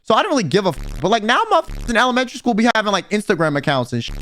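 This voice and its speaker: A young man telling a personal storytime in casual, profane slang, animated and blunt. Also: high-pitched, racing. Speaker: vtuber and livestreamer. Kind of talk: storytime rant.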